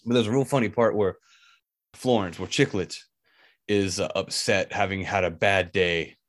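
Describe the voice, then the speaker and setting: A man's voice: low-pitched, steady tone, moderate pace, fairly bright tone. A man co-hosting a casual movie discussion podcast, laughing often and acting out lines from scenes. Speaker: podcast co-host.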